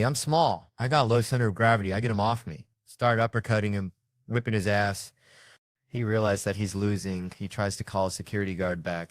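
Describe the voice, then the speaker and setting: A man doing a loud, animated, profane stand-up story rant. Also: lowish voice, moderate pace, no room sound, clean studio sound. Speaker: comedian.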